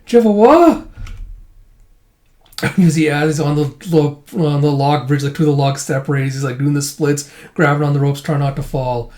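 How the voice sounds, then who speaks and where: A young man casually walking through a comic chapter, chuckling as he goes. His voice is fairly high but soft and mellow, and his storytelling is loose and full of fillers. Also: level tone, brisk, hardly any pauses, reverberant. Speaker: manga reaction host.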